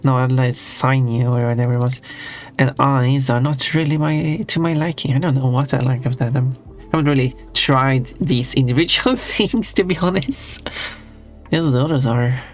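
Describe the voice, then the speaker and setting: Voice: medium pitch, normal speed, faint music behind. A streamer chatting casually while drawing, rambling, breaking off mid-thought and humming along playfully. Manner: rambling and self-interrupting; playful, hums to themself.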